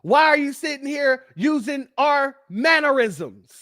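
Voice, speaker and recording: A man's voice: very high voice, animated, a little slow, bright, forceful tone, no echo, studio quality. A man hosting a livestream, giving heated commentary and counting off his points one by one in a combative way. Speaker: livestream host.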